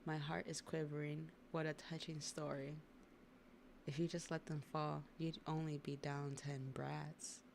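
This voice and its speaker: Woman reading a gloating evil guy, quiet and sneery, gravelly low voice. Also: level tone, measured pace, a little hiss or hum. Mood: sneering. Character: cruel gloating male villain.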